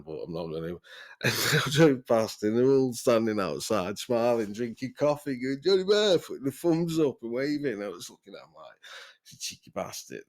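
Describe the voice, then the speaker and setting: A man's voice: fairly low pitch, darkish tone. A man telling a rambling, sweary story in casual podcast chat, often breaking into laughter. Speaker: podcast host.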